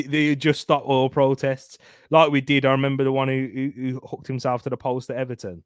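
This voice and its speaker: A man's voice: medium pitch, level tone, normal speed, smooth, dry recording, clean studio sound. A young man hosting a live football watchalong, chatting and laughing through casual match commentary. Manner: chatty, laughs often, banter. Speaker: watchalong host.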